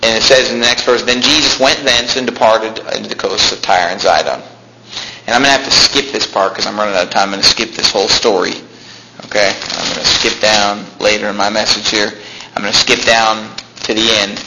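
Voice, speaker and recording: A male pastor preaching a sermon in a church, emphatic, with animated asides. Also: lowish voice, a little fast. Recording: echoey room with faint noise.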